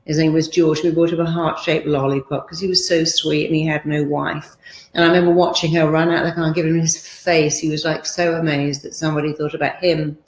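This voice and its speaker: A woman's voice: deep voice, little pitch movement, brisk, a little hiss or hum. A middle-aged woman giving an emphatic motivational talk, acting out quoted voices as she coaches. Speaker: therapist and motivational speaker. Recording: roomy echo.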